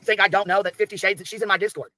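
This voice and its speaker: Fast, bright, furious ranting man. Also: high voice, fairly even intonation, no room sound, soft background music. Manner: heated, profane, confrontational. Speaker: streamer ranting in a played clip. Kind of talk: angry livestream rant.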